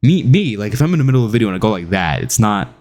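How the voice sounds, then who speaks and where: A young man giving casual self-improvement advice in an animated, jokey way, acting out quotes. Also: fairly low pitch, racing, faint music behind. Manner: animated, jokey, laughs at his own stories, acts out quotes. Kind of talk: casual talking-head advice video.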